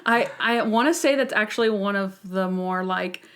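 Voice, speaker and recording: A woman co-hosting a podcast in casual chat, animated and acting out scenes as she recounts them. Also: medium pitch, normal speed. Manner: animated, acts out lines from scenes. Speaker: podcast co-host.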